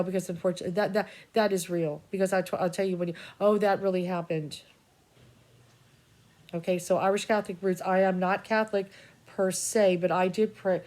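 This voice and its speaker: A woman with a Boston accent giving an emotional, rambling spiritual talk, halting often and swearing freely. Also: fairly low pitch, steady tone, darkish tone. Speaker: spiritual reader.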